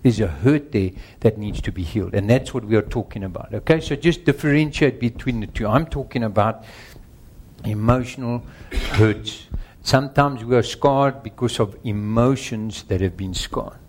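A man's voice: fairly low pitch, normal speed, darkish tone, a little hiss or hum. A middle-aged man preaching a sermon, earnest and emphatic, working through numbered points and speaking directly to the congregation. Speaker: pastor.

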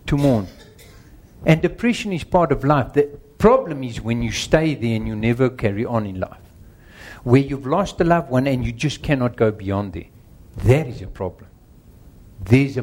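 A man's voice: mid-range voice, expressive, normal speed, darkish tone. A middle-aged man preaching a sermon, earnest and emphatic, working through numbered points and speaking directly to the congregation. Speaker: pastor.

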